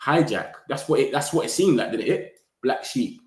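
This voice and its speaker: A man's voice: medium pitch, moderate pace, reverberant. Slangy man hyping live chat. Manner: slangy, animated, hypes viewers. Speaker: fan channel host. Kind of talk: live-stream chat reading comments.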